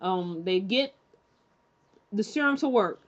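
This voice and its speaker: A chatty woman talking through a TV episode in a loose, candid way, circling back with lots of "you know" and restarts. Her voice sits at a middling pitch. The recording sounds dull and lo-fi, like a simple home setup. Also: lively intonation, takes it slowly. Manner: rambling, many fillers and restarts; chatty and candid, acts out characters' lines. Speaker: TV show recap reviewer. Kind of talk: casual recap chat.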